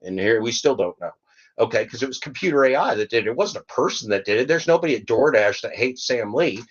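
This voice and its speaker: A man's voice: medium pitch, lively intonation, fast talker, slightly rough, dull audio. An older man hosting a podcast, reading points aloud and breaking into fiery, rambling, sarcastic rants. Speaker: podcast host.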